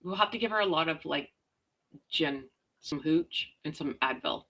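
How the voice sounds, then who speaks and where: Middle-aged woman from Canada, casual ranting vlogger, sarcastic and slangy, bright animated voice. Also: low voice, moderate pace. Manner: blunt, sarcastic, slangy, mild swearing. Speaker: commentary vlogger.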